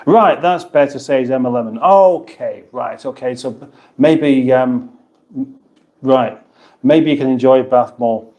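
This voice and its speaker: A British man at an ordinary middle pitch hosts a casual livestream. He rambles, reads out viewers' comments and answers them with dry, teasing banter. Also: unhurried, darkish tone. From United Kingdom. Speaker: livestream host.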